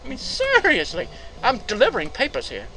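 A gaming commentator talking casually through retro games, excitable, yelping, laughing and cursing mildly at each mistake. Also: mid-range voice, brisk. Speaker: gameplay commentator. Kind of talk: casual let's-play commentary. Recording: game music playing behind.

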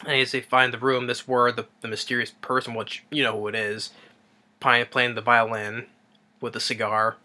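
A movie reviewer, male, loosely recounts a film's plot, rambling and hesitant, full of fillers and restarts. His voice is medium-pitched and flat, with a sharp edge, moving at a normal speed.

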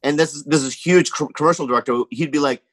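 A man's voice: a little high, fast, fairly bright tone, dry recording. A man guest on a comedy podcast, telling rambling stories in casual chat and saying "you know what I mean" often.

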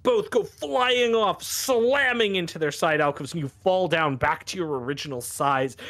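Male game master, higher voice, improvised tabletop narration, rambling, lots of fillers. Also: a bit bright. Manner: rambling, filler-heavy, descriptive.

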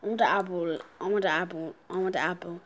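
A woman with a lowish voice gives fast, casual gameplay commentary. She's excitable, gasping and squealing at the game and breaking into playful sing-song chanting.

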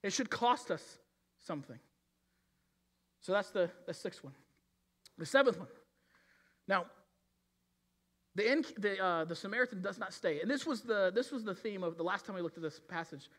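A man's voice: high voice, expressive, moderate pace, long pauses, a bit bright. A man preaching a sermon in an earnest manner, with frequent restarts and acted-out quotes. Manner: earnest, repeats words and restarts often, acts out quoted voices. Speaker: pastor.

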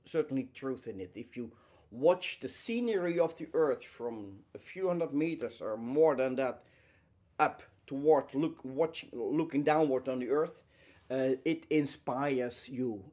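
A man giving an inspirational lecture, emphatic and full of rhetorical questions, speaking in short phrases with pauses and repeating key words. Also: mid-range voice, darkish tone.

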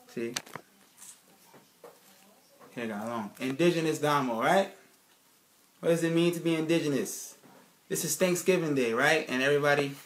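A man's voice: medium pitch, pushed and bright. A man giving a casual spoken lecture over slides, emphatic and full of rhetorical questions, often checking in with his listeners and restarting sentences. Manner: emphatic, keeps asking "right, people?".

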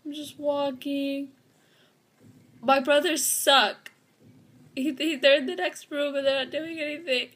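A woman reacting to a scary game at home, jittery and swinging between hushed whispers and squeals. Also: high-pitched, fairly even intonation, unhurried, long pauses. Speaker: video game reaction vlogger. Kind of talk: casual game reaction commentary. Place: room at home, indoors.

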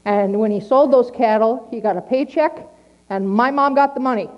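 A middle-aged woman preaching a sermon in a plainspoken, earnest way, repeating key lines slowly for emphasis. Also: a little high, lo-fi sound.

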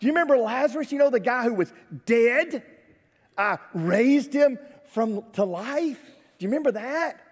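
A preacher puts on an exasperated teacher scolding his frightened followers. The voice is raised and high, and it fires off incredulous rhetorical questions. A long church reverb hangs on every word. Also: lively intonation, drawn-out words, pauses often, fairly bright tone, heavily acted.

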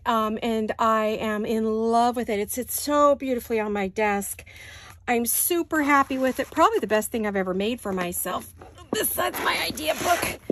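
A woman's voice: on the high side, slight background noise. A woman hosting a casual crafting chat from her home studio, chatty and gushing about her projects. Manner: chatty and gushing, with sighs and little laughs. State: out of breath. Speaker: crafting channel host.

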